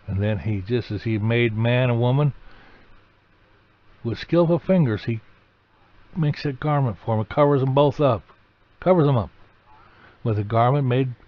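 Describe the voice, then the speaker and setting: A man preaching a sermon, telling the story dramatically and breaking into sudden loud, emphatic bursts. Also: mid-range voice, dull audio.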